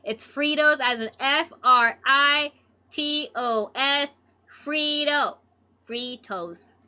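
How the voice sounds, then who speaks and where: A woman's voice: sits high, slow pace, bright, forceful tone. A young adult woman streamer chatting casually, rambling, joking and swearing as she goes.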